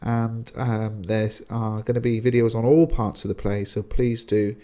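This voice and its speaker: A man's voice: lowish voice, fairly even intonation, a little slow, warm tone. A man teaching a lesson, explaining a text in a chatty way with frequent fillers.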